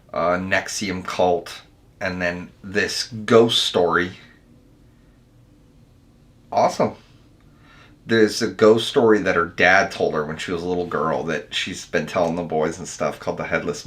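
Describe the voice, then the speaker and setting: A man's voice: deep voice, fairly bright tone. An American man hosting his channel, chatting loosely with viewers in a rambling, laid-back way, calling them dude and man. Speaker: video editor and channel host. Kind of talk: casual livestream chat with viewers.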